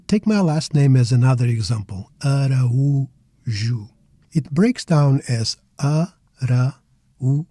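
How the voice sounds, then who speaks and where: Slow, deliberate male teacher. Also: mid-range voice, warm tone, husky, no echo, studio quality. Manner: deliberate, models words syllable by syllable. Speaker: language teacher. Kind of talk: slow, careful pronunciation lesson.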